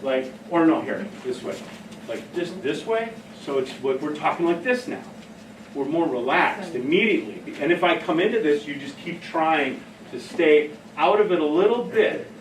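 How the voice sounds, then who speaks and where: A man's voice: fairly high pitch, lively intonation, moderate pace, a little hiss or hum. A man leading a staff training session in a casual, storytelling way, often laughing at his own stories. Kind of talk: workshop talk. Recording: echoey room, heard from a distance.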